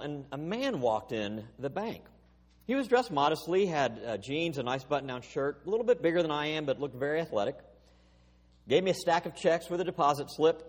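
Husky-voiced pastor in an echoing hall. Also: male voice, on the high side. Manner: storytelling, animated. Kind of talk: sermon.

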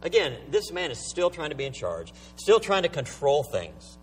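Male pastor, sermon, emphatic, rhetorical questions, very lively pitch, slightly high voice. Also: moderate pace, far from the mic, faint music behind, low-quality recording.

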